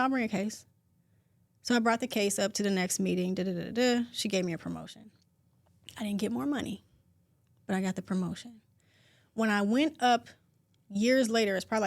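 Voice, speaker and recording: A woman in her forties co-hosting a podcast, talking in a heartfelt, open, expressive way. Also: medium pitch, vocal fry, no echo, studio quality. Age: 40s. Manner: heartfelt and expressive, talks openly and at length. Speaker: podcast co-host. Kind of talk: casual podcast chat.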